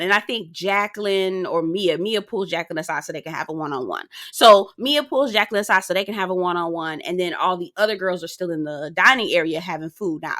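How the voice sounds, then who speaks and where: A woman with a medium-pitched, sharp voice reviews reality TV, giving a sassy, slang-heavy recap of a show and putting on mock voices. It's casual commentary.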